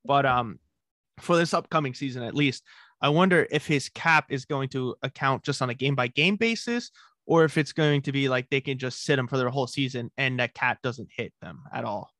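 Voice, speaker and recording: A young man co-hosting a sports podcast in a relaxed, casual way, often saying dude and bro. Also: mid-range voice, fairly quick, dry recording, clean studio sound. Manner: laid-back, says dude and bro often. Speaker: podcast co-host.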